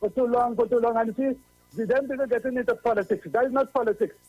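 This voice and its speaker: A man's voice: very high-pitched, steady tone, fast, a little mellow, husky, dry recording, soft background music. A man with a Trinidadian accent calling in to a radio show, preachy and repeating himself for emphasis. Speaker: radio caller. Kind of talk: call-in radio talk. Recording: dull lo-fi call-in line.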